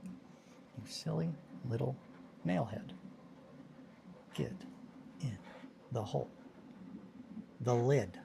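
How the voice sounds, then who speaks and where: A man's voice: mid-range voice, lively intonation, takes it slowly, vocal fry, pauses often, background noise. A man hosting a casual hobby livestream, talking to himself and coaxing tiny parts into place as he builds miniatures. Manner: mutters and coaxes at fiddly parts, self-talking.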